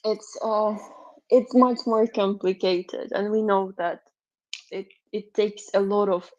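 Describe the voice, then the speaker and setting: A woman hosts a live audio room, her speech emotional and rambling, full of fillers and small laughs. Her voice sits at a middle pitch. The audio is muffled and lo-fi. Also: steady tone, slow. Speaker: host.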